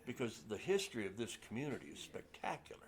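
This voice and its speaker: A man in the audience at a library event, making earnest, measured remarks and slowing down to stress his points. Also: mid-range voice, sing-song, slight background noise. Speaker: audience member commenting. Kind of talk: casual reflective remarks. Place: public library event room.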